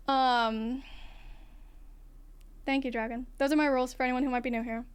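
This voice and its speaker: A non-binary streamer with a feminine-sounding voice, talking frankly in a casual livestream chat, swearing now and then and laughing often. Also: female voice, high voice, moderate pace, long pauses, clear, resonant tone. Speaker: livestream host.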